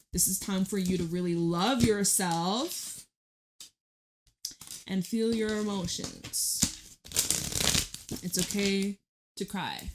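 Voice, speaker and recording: A woman with a slightly low-pitched voice gives a casual tarot reading. She talks in a chatty, emphatic way and swears freely. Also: noisy background. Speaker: tarot reader.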